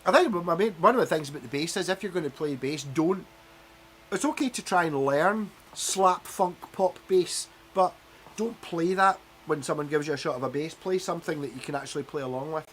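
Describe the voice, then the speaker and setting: A man's voice: on the high side, brisk, fairly bright tone, slight background noise. A Scottish man hosting a livestream, chatting casually, swearing freely and mimicking people. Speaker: livestream host. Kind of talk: casual chat.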